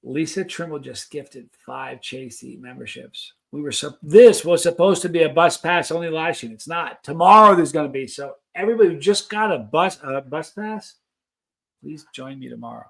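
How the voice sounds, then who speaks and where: A man's voice: a little high, normal speed, creaky, a bit bright. Chatty man hosting a live stream. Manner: rambling, chatty, reads viewer comments aloud. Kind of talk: casual live stream chat.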